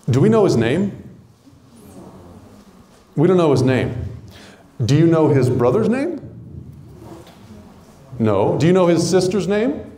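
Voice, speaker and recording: Animated preacher man in an echoey room. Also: fairly high pitch, measured pace, long pauses. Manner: storytelling, acts out characters. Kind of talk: conversational sermon. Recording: roomy echo.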